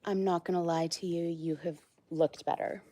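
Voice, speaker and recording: A woman's voice: on the low side, flat delivery, moderate pace, dark tone. Dry-humored woman teasing farm animals. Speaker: farm vlogger. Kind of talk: casual chat to farm animals. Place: outdoors on a farm.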